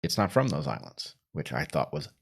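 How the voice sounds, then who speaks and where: A man's voice: very deep voice, big pitch swings, moderate pace, creaky, breathy edge. A man co-hosting a livestream podcast, talking in a musing, wry and playful way. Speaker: podcast co-host. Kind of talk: casual livestream conversation.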